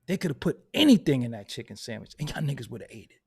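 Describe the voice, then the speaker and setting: Animated, profane man ranting. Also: medium pitch, fast, vocal fry, slightly rough. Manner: loud, profane and animated, laughing at his own points. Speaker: host of a hip hop commentary channel. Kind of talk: unfiltered ranting monologue.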